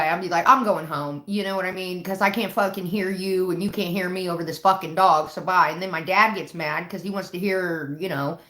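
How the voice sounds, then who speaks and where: Woman livestreamer, mid-pitch, swears constantly, exasperated rant, roomy echo. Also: a bit bright. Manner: profane, exasperated storytelling. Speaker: livestream host.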